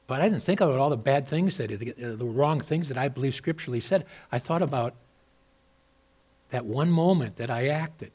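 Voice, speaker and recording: A man preaching a sermon as a pastor, moving between loud, emphatic exhortation and quieter personal storytelling with repeated words. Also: medium pitch, normal speed. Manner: repeats and restarts words when telling a story.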